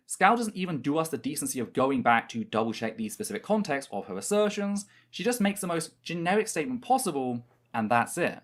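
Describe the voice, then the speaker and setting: A man narrating a scripted commentary video, argumentative and indignant. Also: fairly high pitch. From United Kingdom. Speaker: commentary YouTuber.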